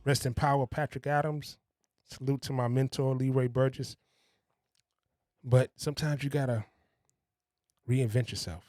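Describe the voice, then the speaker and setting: A man's voice: mid-range voice, fairly even intonation, normal speed, long pauses, darkish tone, no room sound, clean studio sound. A man hosting a podcast, talking casually and with enthusiasm, repeating words for emphasis. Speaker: podcast host. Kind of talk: casual spoken monologue.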